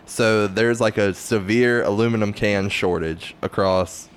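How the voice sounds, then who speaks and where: Low-voiced young man, brash chat. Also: steady tone, unhurried, clear, resonant tone. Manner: brash, swears freely. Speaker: podcast co-host. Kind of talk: casual podcast banter.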